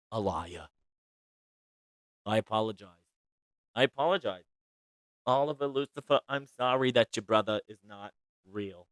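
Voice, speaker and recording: A man hosting a celebrity gossip podcast in casual chat, chatty and dramatic, swinging between loud outbursts and soft asides. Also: on the low side, a little slow, long pauses, no echo. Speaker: podcast host.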